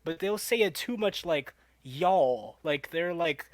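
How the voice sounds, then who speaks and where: A young man co-hosting a podcast, chatting casually, animated and laughing often as he acts out quotes. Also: high voice, normal speed, no room sound. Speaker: podcast co-host. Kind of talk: casual chat.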